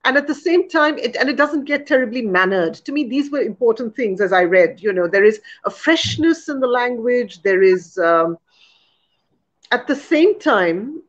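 A woman with a slightly high voice talking through her reading of a novel, careful and searching for words. The recording sounds dull and muffled. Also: lively intonation, normal speed. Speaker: poet and interviewer. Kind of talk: literary conversation.

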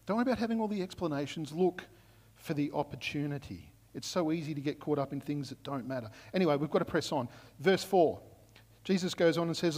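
A man's voice: fairly high pitch, animated, quick pace, a little mellow. Male pastor in a reverberant hall. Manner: conversational storytelling, frequent "right?" check-ins. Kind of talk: sermon. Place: church. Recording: long reverb of a church hall.

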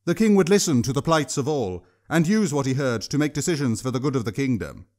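A man narrating his own audiobook story in a steady storytelling manner. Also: medium pitch, a little fast. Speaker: author and narrator.

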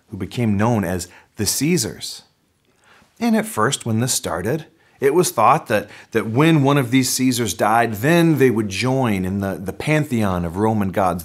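A male pastor preaching a sermon in a lively, conversational way, his voice climbing on the points he stresses. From North America. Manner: animated preaching, pitch rising on emphasis.

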